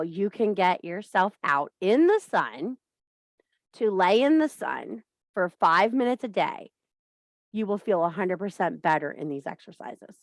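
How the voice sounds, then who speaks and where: A woman's voice: mid-range voice, no room sound. A woman hosting a casual spiritual coaching talk who swears freely, laughs at her own jokes and talks in a bawdy, joking way. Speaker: host of a witchcraft and wellness group.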